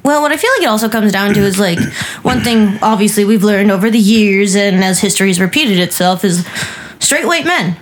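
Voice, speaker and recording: A woman's voice: mid-range voice, lively intonation, a little fast, low-quality recording. Woman cohost, says like a lot, swears casually, slight hiss. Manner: rambling, filler-heavy, profane. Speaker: podcast co-host. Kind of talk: casual chat.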